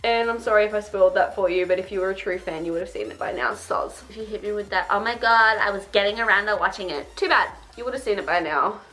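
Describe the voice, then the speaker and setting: A woman's voice: mid-range voice, expressive, fast talker, few pauses, fairly bright tone, faint music behind. A young woman, chatting casually and self-deprecatingly while doing her makeup on camera. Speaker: beauty vlogger.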